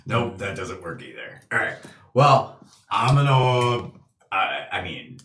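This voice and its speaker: Lively bright-voiced man in echoey room. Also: deep voice, slow, slight background noise. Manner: animated, jokey, swings between loud and mumbled. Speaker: player. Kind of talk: in-character tabletop role-play. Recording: echoey room, mic at a distance.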